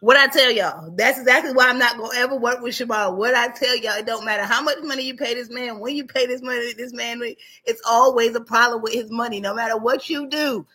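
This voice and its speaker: A woman's voice: a little high, brisk, hardly any pauses, sharp tone. A woman hosting a casual livestream, chatting animatedly with her viewers and laughing often. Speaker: livestream host.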